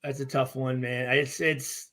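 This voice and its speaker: The guest analyst, a former player in his forties from Michigan, has a medium-pitched, slightly bright voice with a flat delivery and measured pace. In casual podcast talk he's hesitant, full of restarts and heavy swearing.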